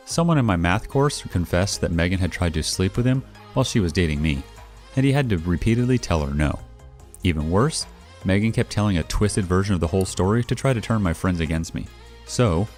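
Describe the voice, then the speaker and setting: Man, very low voice, lively up-and-down delivery, wry first-person story reading, faint music underneath. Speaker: story narrator. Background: faint background music.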